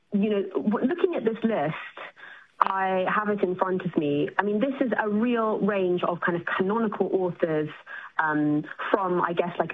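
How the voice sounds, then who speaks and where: Husky-voiced woman academic on a tinny phone line. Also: fairly low pitch. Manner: thoughtful, measured, explanatory. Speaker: literature academic, radio guest. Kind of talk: radio interview over the phone.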